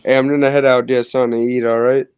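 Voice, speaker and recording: A man's voice: medium pitch, level tone, rapid-fire, clean tone, dry recording, lo-fi sound. A man guesting on a stream, chatting casually in an easygoing way. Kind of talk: casual chat.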